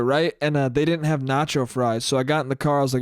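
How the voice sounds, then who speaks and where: A man's voice: medium pitch, fairly even intonation, quick pace, hardly any pauses, smooth, no room sound, clean studio sound. A young man from the United States hosting a casual solo podcast, ranting and swearing freely as he acts out the people in his stories. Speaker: podcast host.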